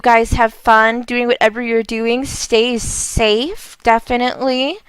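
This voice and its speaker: A woman gaming creator talking casually and excitedly to her viewers. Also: a little high, measured pace, hardly any pauses, smooth, dry recording. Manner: excitable, gushing. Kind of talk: casual let's play commentary.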